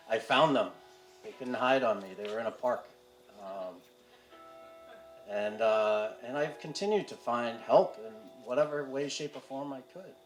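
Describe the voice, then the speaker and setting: A man telling his personal recovery story to a live audience, halting and candid, with wry humor and frequent fillers. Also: mid-range voice, soft background music. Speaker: speaker sharing a recovery story. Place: community event hall with audience. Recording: roomy hall with faint room noise.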